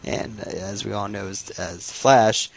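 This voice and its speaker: Here the comic book recap YouTuber sounds fairly low, steady and a little slow, with a creaky edge. He goes through the comic's story casually, cursing without restraint and starting sentences over.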